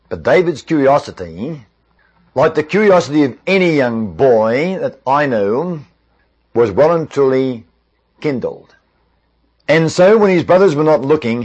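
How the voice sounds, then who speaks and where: Expressive male Bible storyteller. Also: medium pitch, slightly rough, highs cut off. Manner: expressive, with varied pacing and asides.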